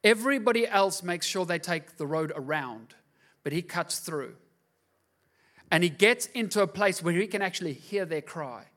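Male pastor, high bright voice, casual joking sermon delivery. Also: animated, moderate pace. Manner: conversational and joking, asks the crowd "right?".

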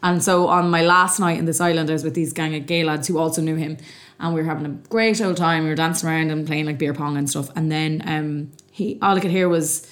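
Irish woman, young, quick low-ish delivery, animated storyteller, swears, podcast co-host. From Ireland. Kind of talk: casual chat.

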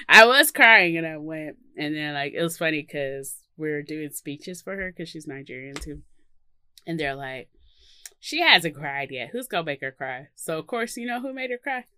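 A woman's voice: low voice, big pitch swings, moderate pace, bright, forceful tone, clean tone, no room sound. A woman co-hosting a podcast in casual chat, laughing often and filling her speech with ums and likes. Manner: chatty, laughs often, many fillers. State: hiccups. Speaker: podcast co-host.

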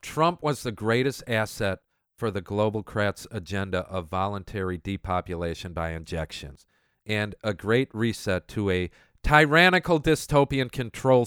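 A man's voice: lowish voice, lively intonation, moderate pace, fairly bright tone, smooth, dry recording, clean studio sound. A man hosting a show, ranting in scornful political commentary with a sneering, mocking manner. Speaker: podcast host.

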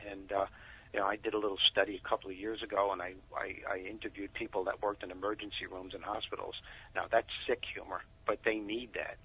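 A man, a guest author, telling animated stories in a casual interview over a muffled phone line. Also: fairly low pitch, fast talker, husky. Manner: animated storyteller.

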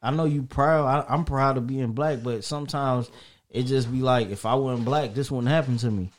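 A man's voice: medium pitch, steady tone, moderate pace. A young man in a casual group chat who poses questions and jokes around.

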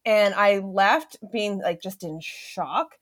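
A woman's voice: mid-range voice, slow, fairly bright tone. A young woman co-hosting a podcast, chatting casually and laughing often as she tells stories. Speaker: podcast co-host. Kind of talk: casual chat.

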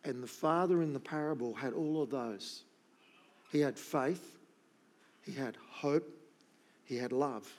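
A man's voice: medium pitch, measured pace, pauses often, darkish tone. A middle-aged man preaching a sermon, emphatic and repeating his key points. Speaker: pastor.

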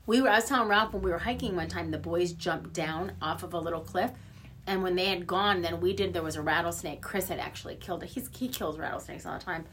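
A woman's voice: lowish voice, quick pace, fairly bright tone, slight background noise. Talkative podcast cohost lady from washington, laughs a lot, casual chat. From Eastern Washington. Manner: chatty, laughs often, promotes the show. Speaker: podcast co-host.

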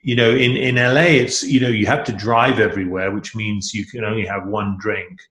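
A middle-aged man with a fairly low voice talks as a guest, eager and rambling, often restarting his sentences. His voice rings in an echoey room. The talk is loose and conversational. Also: fairly even intonation, moderate pace, fairly bright tone. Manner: enthusiastic, rambling, many restarts. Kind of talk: casual conversation.

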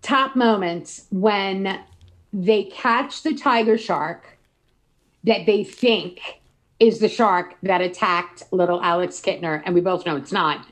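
A woman co-hosting a casual podcast chat, gushing and excitable, often exclaiming. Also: medium pitch, slow pace. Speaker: podcast co-host.

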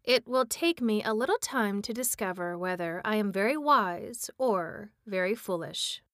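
A woman's voice: mid-range voice, animated, unhurried, a bit bright, dry recording, studio quality. A woman voicing a grave, solemn pumpkin-headed man come to life in a storybook. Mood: pondering.

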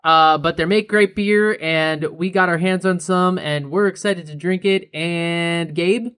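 A young man co-hosting a casual beer podcast, relaxed and chatty, with plenty of ums and uhs. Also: high voice, measured pace, clear, resonant tone. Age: young adult. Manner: relaxed, frequent filler ums and uhs, laughs easily. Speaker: podcast co-host.

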